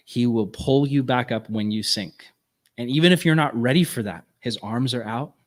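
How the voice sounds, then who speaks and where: A man's voice: mid-range voice, moderate pace. Earnest man teaching without notes. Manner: conversational, earnest, full of likes and restarts. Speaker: youth ministry workshop speaker. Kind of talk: informal teaching talk.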